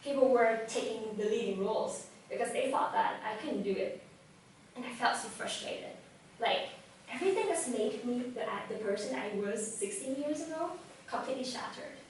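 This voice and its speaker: A young woman giving a lively talk on public speaking to a live audience, telling a personal story and asking the audience questions. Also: on the high side, normal speed, slight background noise. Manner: lively storytelling, acts out quoted thoughts, asks the audience questions. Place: event room with live audience. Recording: very echoey room, voice from far off mic.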